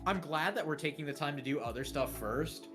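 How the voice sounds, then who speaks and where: A woman's voice: sits low, lively intonation, a little fast. A woman player chatting enthusiastically about a game and swearing freely. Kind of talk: casual chat. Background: background music.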